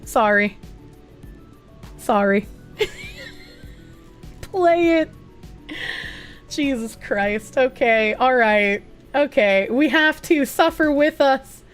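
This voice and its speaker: A woman's voice: high voice, wildly swooping pitch, extremely slow, pauses often, faint music behind. A woman streamer chatting casually and bluntly as she reacts to posts, swearing freely and laughing often.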